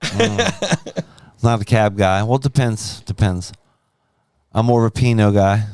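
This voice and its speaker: Midwest dude laughing through dirty banter, talks slow, voice jumps all over, dry sound. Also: male voice, fairly low pitch, very animated, darkish tone, clean tone, no echo. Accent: Midwestern American. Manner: laughs often, quick crude banter. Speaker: podcast guest. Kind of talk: casual chat.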